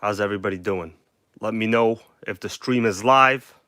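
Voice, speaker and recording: A man's voice: fairly low pitch, moderate pace, pushed and bright, dry recording, studio quality. Chatty New York man streaming live. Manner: chatty, greets viewers by name, emphatic. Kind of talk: casual live stream chat. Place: indoor workbench. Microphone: phone.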